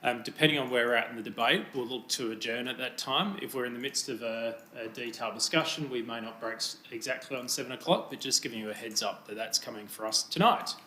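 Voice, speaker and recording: A man chairing a council committee meeting, brisk, procedural and polite. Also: mid-range voice, pushed and bright, a little hiss or hum. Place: council chamber. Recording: roomy chamber sound.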